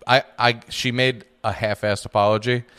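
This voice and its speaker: A young man co-hosting a podcast, explaining his views in relaxed casual chat. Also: medium pitch, normal speed, clean tone. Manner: relaxed, explaining, often trailing off. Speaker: podcast co-host.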